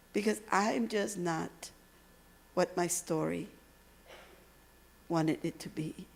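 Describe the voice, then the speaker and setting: Gravelly woman giving an emphatic motivational speech. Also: mid-range voice, darkish tone. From Texas. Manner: emphatic, dramatic pauses, storytelling. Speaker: motivational speaker. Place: university lecture hall.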